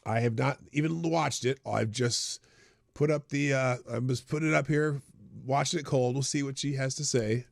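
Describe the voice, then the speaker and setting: A man's voice: medium pitch, steady tone, moderate pace, vocal fry, no echo. A man hosting a live stream, giving casual, sarcastic political commentary and thinking aloud.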